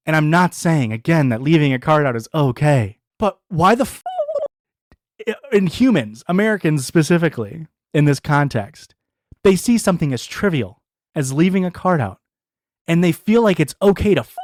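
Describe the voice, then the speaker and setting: A man rants through a streamed commentary with swooping, lively pitch that sits a touch high for him. He talks in a profane, heated flow full of restarts. The sound is close and dry. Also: no room sound. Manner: animated, profane, ranting with restarts. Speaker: streamer reacting to videos. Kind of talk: opinionated commentary chat.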